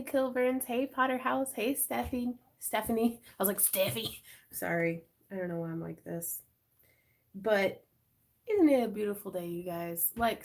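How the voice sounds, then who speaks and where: A woman hosting a live craft stream, chatting in a bubbly, giggly way with her viewers and her cat. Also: mid-range voice. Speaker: craft channel host.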